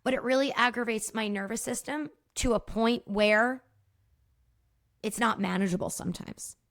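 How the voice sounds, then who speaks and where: A woman who works as a movement practitioner, hosting her own podcast and talking directly to listeners in an emphatic, energetic way. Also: on the high side, normal speed, no echo, clean studio sound. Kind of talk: solo educational podcast talk.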